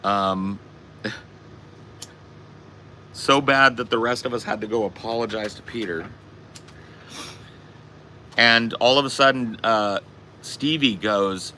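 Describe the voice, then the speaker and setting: A man's voice: lowish voice, slow, pauses often, pushed and bright, slight background noise. A man hosting a podcast, telling a casual anecdote with plenty of swearing. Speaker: podcast host. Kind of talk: casual storytelling chat.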